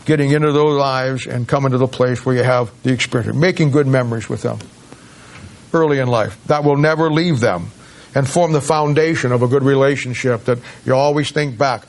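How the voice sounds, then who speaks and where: Halting, emphatic preaching man. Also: medium pitch. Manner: halting with many restarts, rising to emphatic peaks. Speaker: pastor. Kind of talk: sermon.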